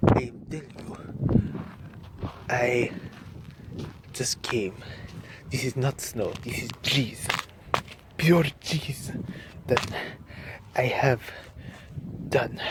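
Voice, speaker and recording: A man playing a goofy slow-talking French man. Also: medium pitch, heavy background noise. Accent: put-on French. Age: young adult. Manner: goofy, rambling, swearing, self-narrating. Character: eccentric boastful French man calling himself Snowflake. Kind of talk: comedy skit. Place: outdoors on icy ground.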